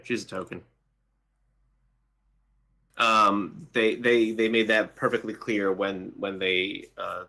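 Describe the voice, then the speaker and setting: Blunt, hesitant man with a bright voice. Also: fairly low pitch. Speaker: podcast co-host. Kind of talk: casual political commentary chat.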